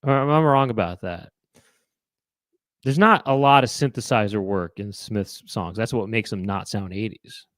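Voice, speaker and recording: A man's voice: on the low side, moderate pace, a bit bright, no echo, studio quality. Rambling male chat-show host. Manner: rambling, musing aloud with many fillers and restarts. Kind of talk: casual chat with live viewers.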